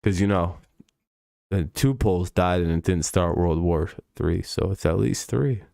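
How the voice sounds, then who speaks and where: A man's voice: sits low, measured pace, gravelly, warm tone, no room sound, clean studio sound. A man hosting a casual football preview stream, joking and rambling with frequent swearing. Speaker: sports streamer. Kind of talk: casual NFL preview chat.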